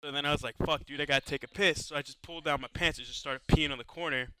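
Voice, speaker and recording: A man's voice: on the high side, steady tone, rapid-fire, pushed and bright, a little hiss or hum. Profane young man telling rambling stories. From United States. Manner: profane, rambling storytelling full of "like". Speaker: podcast co-host. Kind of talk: casual podcast chat.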